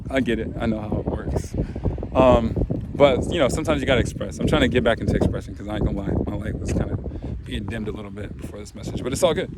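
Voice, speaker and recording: A man giving a casual spiritual talk, relaxed and rambling, full of "you know", his throat a bit crackly. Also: fairly low pitch, fast. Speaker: spiritual video host.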